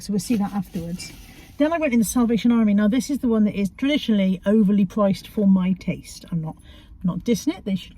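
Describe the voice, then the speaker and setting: A middle-aged woman vlogs from inside her car in a casual, chatty haul video, rambling through her charity shop finds with self-mocking humour. Her voice is mid-range, warm and husky.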